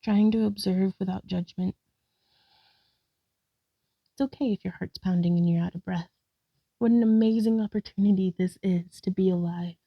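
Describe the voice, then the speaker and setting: A woman's voice: medium pitch, steady tone, normal speed, long pauses, no echo, muffled recording. A woman narrating her own yoga practice, talking through poses with frequent sighs, out of breath and upbeat as she encourages herself. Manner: breathy, sighing between cues. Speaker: yoga vlogger.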